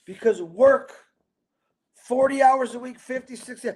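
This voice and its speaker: Man, very high voice, from Michigan, livestream host, rambling, energetic, preachy motivational talk. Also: unhurried, slightly rough.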